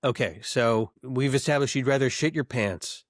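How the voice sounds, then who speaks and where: A male podcast co-host trading jokes in loose, casual banter, laughing often. His voice sits at an average pitch and sounds close and dry, with no room echo. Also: normal speed. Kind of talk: casual comedic chat.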